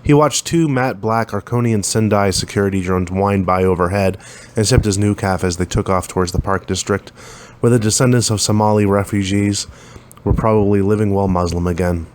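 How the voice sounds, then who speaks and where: A man's voice: fairly low pitch, brisk, a little mellow. A man reading a science fiction story aloud, lifting his voice a little for the dialogue. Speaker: narrator.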